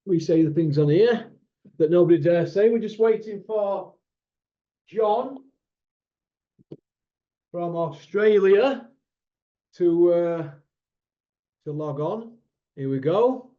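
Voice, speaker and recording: A man's voice: high-pitched, slow pace, pauses often, dull audio. A man hosting a casual online boxing chat show, talking in a blunt, outspoken, rambling way. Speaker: boxing channel host.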